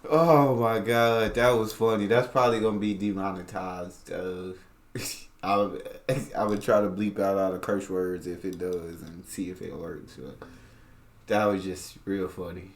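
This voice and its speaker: A man's voice: low voice, steady tone, a little slow, echoey room. A man hosting a reaction video, laughing often and talking in casual slang. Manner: laughs a lot, slangy, calls people dog and bro.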